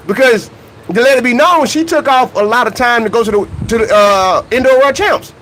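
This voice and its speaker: A man's voice: extremely high pitch, a little fast, fairly bright tone, a little hiss or hum, rough recording. A man hosting a casual livestream vlog about track and field, greeting chat viewers by name and talking in loose slang. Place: outdoors near a hotel, humid weather.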